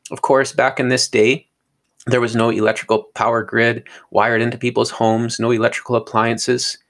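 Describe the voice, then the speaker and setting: A man's voice: mid-range voice, little pitch movement, moderate pace, fairly bright tone. A man teaching on a podcast in an earnest, sermon-like way, often stumbling and repeating words. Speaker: podcast co-host teaching on scripture.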